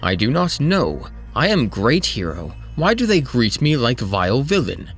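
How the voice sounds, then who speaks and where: A man doing Garfield, a boastful loud hero. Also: mid-range voice, big pitch swings, unhurried, soft background music. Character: boastful heroic male fighter, bold and self-assured.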